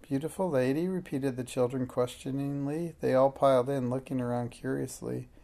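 A narrator reading a children's chapter book aloud in a gentle, even manner. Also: medium pitch, normal speed, gravelly. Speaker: storybook narrator.

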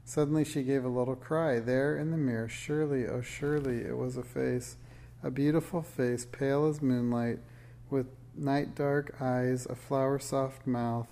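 A man reads a children's storybook aloud at a steady, gentle pace. His voice is mellow and dark with a gravelly texture underneath. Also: mid-range voice, moderate pace. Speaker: reader. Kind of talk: storybook read-aloud narration.

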